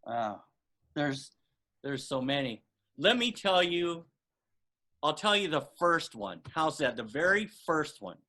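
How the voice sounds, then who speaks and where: A man telling a personal story in a casual, animated way, acting out the dialogue he quotes. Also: a little high, takes it slowly, long pauses, rough recording. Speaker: martial arts guest answering questions. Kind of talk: casual storytelling on a video call.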